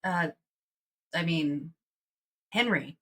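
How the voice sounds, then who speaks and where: A woman's voice: deep voice, expressive, extremely slow, fairly bright tone. A woman playing a trivia quiz, giving short, hesitant guesses and playful remarks. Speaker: quiz contestant. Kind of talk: casual game banter.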